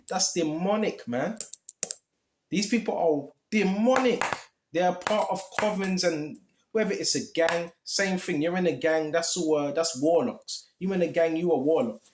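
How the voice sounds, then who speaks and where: A man's voice: on the high side, roomy sound, slight background noise. A man preaching informally, impassioned and repetitive, with streetwise slang.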